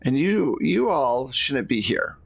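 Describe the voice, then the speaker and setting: A man's voice: mid-range voice, big pitch swings, slow, vocal fry, slightly rough, dry recording, exaggerated voice. A man voicing a chatty, fussy nun who rambles with hesitant fillers, in a tabletop role-playing game. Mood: worried.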